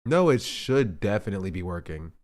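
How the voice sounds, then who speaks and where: A man's voice: low voice, very animated, a little fast, a little mellow. A male streamer chatting casually and joking with his chat while testing his audio setup. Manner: rambling, joking, testing his mic aloud.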